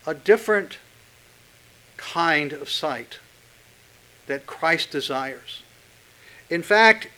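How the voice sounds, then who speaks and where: A man preaching a sermon, pressing hard on key words and dropping to a hush when quoting Scripture. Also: a little high, poor audio. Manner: emphatic, swinging from loud stresses to hushed quotes. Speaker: pastor.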